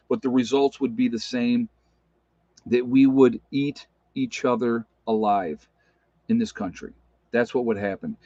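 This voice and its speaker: Here a livestream host speaks in a medium-pitched, slightly mellow voice while rambling and responding to chat. The dull, lo-fi audio carries no room sound.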